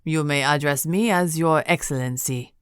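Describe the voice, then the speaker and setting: A woman voicing a pompous aristocratic count, a grown man with a deep, booming voice, a Spanish accent and haughty, formal speech, in an audiobook. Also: normal speed, clear, resonant tone, no room sound, studio quality, lightly acted. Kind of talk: audiobook character voice.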